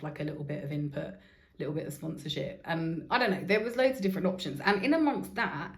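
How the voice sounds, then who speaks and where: A woman's voice: lowish voice, a little mellow, roomy sound. A woman hosting her own show, telling a rambling personal story in a candid, casual way and swearing freely. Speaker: host.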